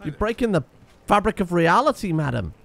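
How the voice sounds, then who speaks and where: A man's voice: high voice, very animated, brisk, creaky, fairly bright tone. A man giving casual, sweary, joking commentary while playing a video game. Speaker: let's play gamer.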